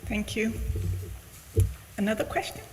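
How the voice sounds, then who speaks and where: Male moderator, high voice, polite, runs the Q&A in a reverberant hall. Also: unhurried. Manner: polite, hesitant with fillers. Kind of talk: chairing a panel Q&A. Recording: reverberant hall with faint room noise.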